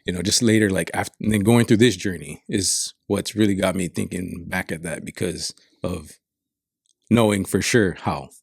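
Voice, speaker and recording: A man's voice: low voice, normal speed, gravelly, husky, dry recording, clean studio sound. A man from Saipan telling stories in a casual chat, frank and reflective, swearing often. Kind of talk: casual storytelling.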